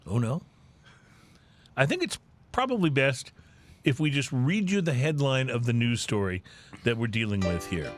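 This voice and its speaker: A man's voice: medium pitch, lively intonation, normal speed, long pauses, faint music behind. A man hosting a playful drinking-news segment on a podcast, reading stories with theatrical, punny delivery.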